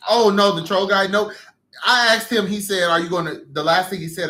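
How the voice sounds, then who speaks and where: A man hosting a live casual chat, emotional and quick to tear up while telling stories. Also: high voice, fairly even intonation, pushed and bright, roomy sound. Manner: emotional, laughing, tearful storytelling. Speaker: livestream host.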